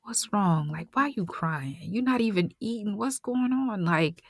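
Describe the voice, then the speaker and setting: A woman putting on a puzzled husband who coaxes in casual slang, his voice rising and slow. It is a storytelling retelling in a dry, close sound. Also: medium pitch, expressive, dry recording, pitched above the performer's own voice.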